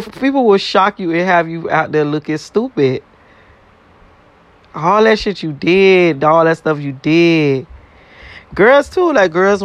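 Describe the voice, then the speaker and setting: A vlogger with a slightly high voice rants to his viewers in a casual, blunt, profane way, repeating himself and laughing between points. There's no echo on the recording.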